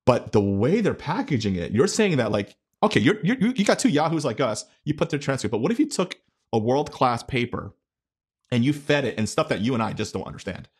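Animated man explaining tech on a podcast. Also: mid-range voice, a little fast, slightly rough. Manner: animated, explanatory, frequent fillers. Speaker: podcast co-host. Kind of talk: casual tech chat.

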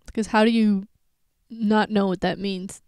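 A woman's voice: mid-range voice, steady tone, moderate pace, a little mellow, smooth, dry recording. Young woman reacting, dry close sound. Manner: incredulous, laughing asides. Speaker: reaction video host. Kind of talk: casual reaction commentary.

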